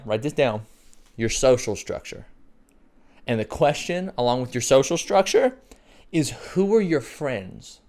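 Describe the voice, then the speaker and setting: Male pastor, slightly high voice, playful and fired-up preaching style. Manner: excitable, joking, repeats phrases for emphasis. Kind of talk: sermon.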